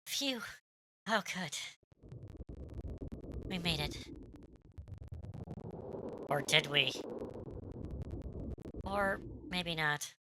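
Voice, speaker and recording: A woman streaming a video game, casually reading its dialogue aloud and chatting, stumbling over words and breaking into loud excitement. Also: fairly low pitch, drawn-out words, pauses often, noisy background.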